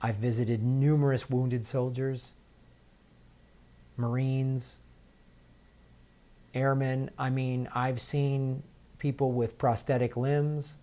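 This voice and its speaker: A man's voice: mid-range voice, level tone, takes it slowly, pauses often, mellow. Sarcastic man ranting about politics. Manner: sarcastic, heated, with many fillers and restarts. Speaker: political commentary host.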